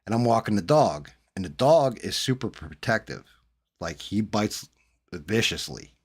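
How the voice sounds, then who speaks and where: A man hosting a stream, telling a profane, animated personal story in a casual chat. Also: lowish voice, unhurried, breathy edge. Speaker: streamer host.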